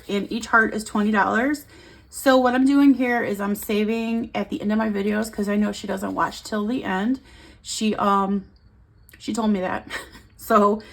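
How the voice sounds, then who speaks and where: Woman, forties, chatty, somewhat high voice, counting cash aloud, casual budgeting vlog. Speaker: budgeting vlogger. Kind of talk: casual chat.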